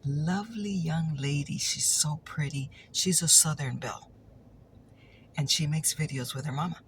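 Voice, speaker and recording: A woman's voice: low-pitched, normal speed, a little hiss or hum. A woman telling a chatty ASMR story, teasing and repeating her punchlines, sometimes dropping into a whisper.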